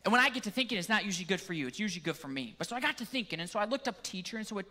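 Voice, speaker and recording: Male pastor with a Canadian accent, bright and forceful, relaxed and jokey in the pulpit. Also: high voice, very fast. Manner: casual, joking asides. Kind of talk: sermon.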